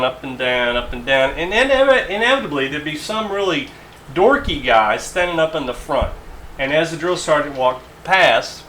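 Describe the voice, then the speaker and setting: A man in his forties hosting a talk radio show, telling animated anecdotes with halting asides. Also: on the high side, reverberant, slight background noise.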